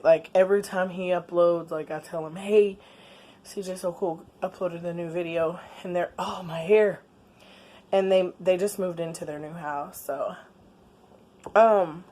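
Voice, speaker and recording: A woman, chatting casually in a late-night home vlog, laid-back with quiet asides. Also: fairly low pitch. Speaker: vlogger. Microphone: camera on a stand.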